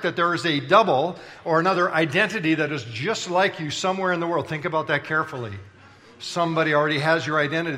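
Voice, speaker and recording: A man's voice: fairly high pitch, bright, forceful tone. A man preaching a sermon as pastor, telling stories in a playful, conversational way and bantering with the congregation. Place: large church auditorium.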